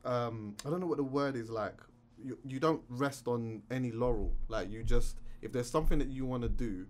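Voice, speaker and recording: A man chatting as a podcast guest, relaxed and encouraging, sometimes searching for words. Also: medium pitch, moderate pace. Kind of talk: casual chat.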